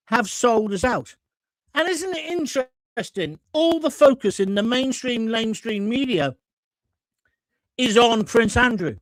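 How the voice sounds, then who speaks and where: A man's voice: extremely high pitch, a bit bright, no room sound, low-quality recording. Ranting English man hosting a live show. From England. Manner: ranting, indignant, reads viewer comments aloud; swears, gets heated. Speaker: host of live call-in show. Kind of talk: opinionated live-stream monologue.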